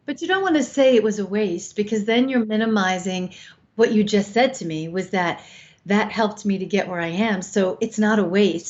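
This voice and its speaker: A woman's voice: mid-range voice, darkish tone. A woman over fifty co-hosting a show, giving frank, coaching advice with casual swearing. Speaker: co-host. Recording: slightly dull lo-fi sound.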